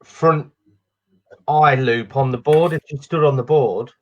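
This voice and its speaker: An easygoing man of middle pitch chats casually, mostly giving short answers and laughing along. His voice comes through a slightly muffled, lo-fi line. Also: unhurried. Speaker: podcast co-host. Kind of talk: casual live-stream chat.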